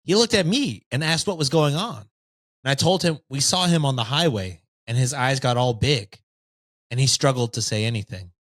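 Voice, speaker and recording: A man reads a story aloud on a podcast, his pitch swinging widely as he goes. He stops now and then for a playful aside. The sound is close and dry. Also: normal speed, no echo. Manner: lively, reads with jokey asides. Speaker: podcast host reading stories.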